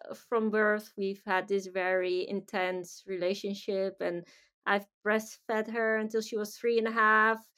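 Middle-aged woman, podcast guest: bright voice, halting delivery, lots of fillers. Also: medium pitch, flat delivery, clean tone. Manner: hesitant, with many fillers and agreeing murmurs. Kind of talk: casual conversation.

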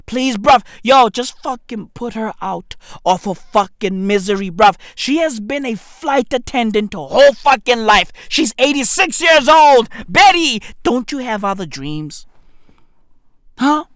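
A man in his thirties delivering a brash, profane comedic rant to camera, with bursts of shouting. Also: very high-pitched, animated, a little slow, no echo, studio quality. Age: 30s. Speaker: vlogger.

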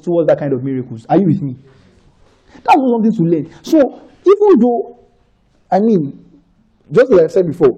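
Husky, dark-voiced Nigerian pastor. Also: male voice, on the high side, poor audio. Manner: checks in with listeners constantly; repeats phrases for emphasis. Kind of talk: conversational sermon.

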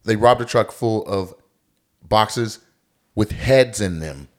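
A man co-hosting a podcast, chatting casually and telling stories in an animated, joking, profane way. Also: fairly low pitch, takes it slowly. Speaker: podcast co-host.

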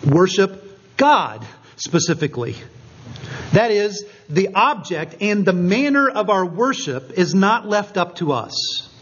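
Husky man preaching a measured sermon. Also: high-pitched, expressive, fairly bright tone, lo-fi sound. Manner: measured preaching with emphatic slowed phrases. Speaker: pastor.

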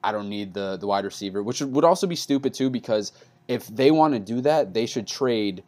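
A man from New York in a casual sports chat as a podcast co-host, talking animatedly, with his voice jumping up when he argues. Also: a little fast. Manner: animated, pitch jumps up when arguing.

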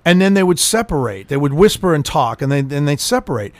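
Middle-aged man, crude storyteller, somewhat high voice, bouncy delivery. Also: a little fast, no room sound. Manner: animated, swears freely, acts out quotes. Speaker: storyteller on a chat show. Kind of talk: profane casual storytelling.

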